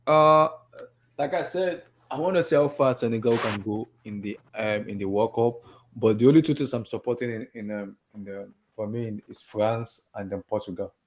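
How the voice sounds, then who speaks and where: A man's voice: on the low side, normal speed, a little hiss or hum. A man hosting a casual football chat, talking in a rambling, hesitant way. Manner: rambling, hesitant, lots of fillers.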